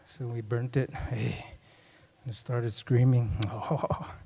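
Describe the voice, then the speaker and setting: A man's voice: mid-range voice, slow pace, vocal fry. A middle-aged man doing stand-up comedy, telling stories with energy and acting out both sides of each conversation. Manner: animated storytelling, acts out both sides of dialogues. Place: conference hall. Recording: live hall with long reverb.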